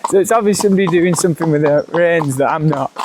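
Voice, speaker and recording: Lively man telling racing tales. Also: on the high side, fast. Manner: lively, animated anecdotes, acts out other people's lines. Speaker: retired jockey, guest. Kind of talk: casual storytelling chat. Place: outdoors, riding out on horseback. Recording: outdoor recording with clear background noise.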